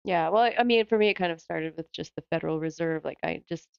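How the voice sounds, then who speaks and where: A woman with a lowish, smooth voice, chatting casually as co-host of a live stream. She sounds playful and self-aware. The audio is dry and a little dull. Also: fast, dry recording. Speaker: livestream co-host.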